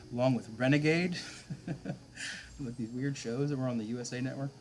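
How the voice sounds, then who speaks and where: A man's voice: mid-range voice, normal speed, darkish tone. Guy on a late night game stream, rambly chat, answers viewers, faint hum behind him. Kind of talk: casual livestream chat.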